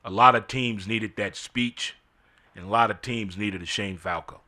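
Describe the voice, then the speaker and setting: A man's voice: fairly low pitch, normal speed, bright, forceful tone. A middle-aged man hosting a casual solo commentary, full of incredulous rhetorical questions. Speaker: host.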